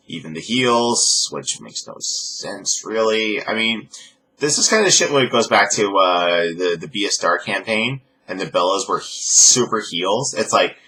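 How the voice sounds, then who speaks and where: A young man rambling sarcastically as he recaps a reality show, mocking people in high put-on voices. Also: bright, forceful tone. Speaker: reviewer. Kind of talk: casual recap commentary.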